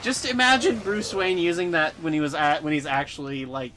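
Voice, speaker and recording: A man streaming a game with friends, tossing out deadpan, teasing one-liners. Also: on the high side, fairly quick, noisy background. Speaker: livestreamer playing a game. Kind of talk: casual gameplay chat. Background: game music.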